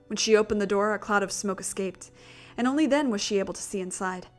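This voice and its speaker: A woman narrating a gothic visual novel in a steady, measured reading voice. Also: medium pitch, faint music behind. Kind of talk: story narration.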